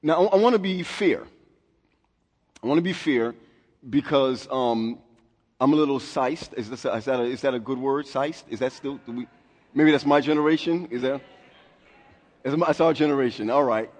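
A man's voice: mid-range voice, normal speed, pauses often. Pastor in his forties, reverberant church. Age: 40s. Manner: conversational, self-deprecating, with restarts. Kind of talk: sermon. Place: church sanctuary. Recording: long hall reverb.

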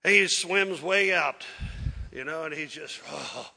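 A man's voice: fairly high pitch, a little slow, gravelly, bright, forceful tone. A man preaching to a congregation, telling a folksy, rambling story with plenty of fillers and acting out the characters' lines. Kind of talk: sermon storytelling.

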